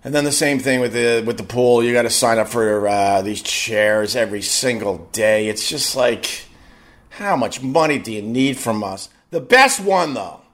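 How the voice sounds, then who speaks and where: A man's voice: medium pitch, a bit bright. Exasperated man telling a story. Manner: exasperated, swearing, quick restarts. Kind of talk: casual anecdote rant.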